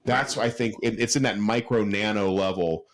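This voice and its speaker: A man co-hosting a podcast, chatting casually and telling animated stories with many restarts. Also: fairly low pitch, moderate pace. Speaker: podcast co-host. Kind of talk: casual chat.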